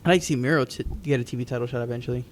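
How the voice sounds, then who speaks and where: A man's voice: medium pitch, racing. A man co-hosting a podcast, recapping wrestling matches in casual, rambling chat with frequent ums and restarts. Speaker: podcast co-host.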